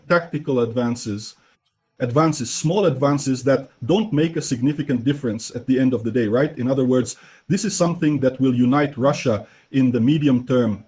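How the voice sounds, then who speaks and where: A man giving dubbed news commentary in a conversational, emphatic way, often tagging his points with "right?" and "okay?". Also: breathy edge. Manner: emphatic, often jumps up in pitch and loudness. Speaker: political commentator.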